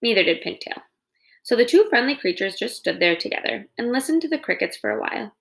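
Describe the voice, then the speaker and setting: Expressive woman reading a storybook. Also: a little high, quick pace, gravelly. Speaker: reader. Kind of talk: reading a children's novel aloud.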